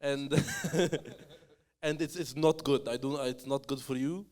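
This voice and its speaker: A man's voice: medium pitch, darkish tone, close to an everyday voice. A man faking an Arabic-accented stranger. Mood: mock-earnest. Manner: broken halting English, hesitant.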